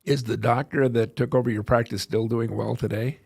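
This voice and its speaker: A man's voice: medium pitch, steady tone, a little fast, gravelly, a little mellow, slightly rough, dry recording, clean studio sound. A man hosting a podcast interview, asking the guest direct, probing questions. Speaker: podcast host.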